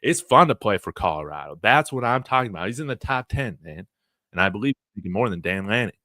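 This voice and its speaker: A man's voice: on the low side, fast, no echo. Hyped up guy on a fan stream, trash-talking, dry voice no room sound. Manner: excited, brash trash-talk. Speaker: host of a college football fan show. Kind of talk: livestream fan commentary.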